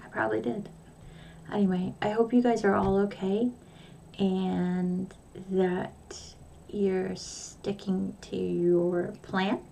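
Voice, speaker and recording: A woman's voice: lowish voice, creaky, darkish tone. An older woman with grown children and a grandson, telling a rambling story to her viewers in casual, chatty vlog talk. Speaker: vlogger.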